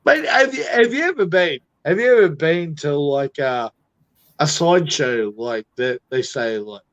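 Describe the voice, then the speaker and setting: A man's voice: on the high side, expressive, measured pace. A man on a casual chat, rambling loosely and swearing heavily. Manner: profane, rambling, heavy swearing. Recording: dull lo-fi audio.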